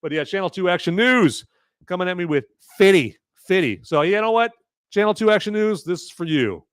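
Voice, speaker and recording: Rambling, animated man hosting a livestream. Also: sits high, a little fast, smooth, no room sound, clean studio sound. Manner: rambling and emphatic, repeats words, says "okay?" often; thanks viewers by name for donations. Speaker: podcast host reviewing a movie on a livestream. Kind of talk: casual live-stream talk.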